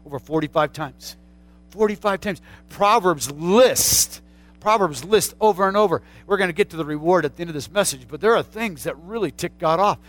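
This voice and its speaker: Middle-aged male pastor, slightly high voice, fiery sermon delivery with shouted peaks. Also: normal speed. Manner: calls out to the congregation, rising to shouts.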